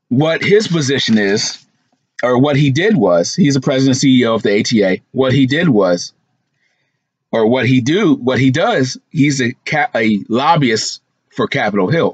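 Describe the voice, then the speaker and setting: A man's voice: mid-range voice, husky, dry recording, lo-fi sound. A man hosting a trucking channel, talking casually through a list from his notes with asides and fillers. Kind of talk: casual commentary vlog.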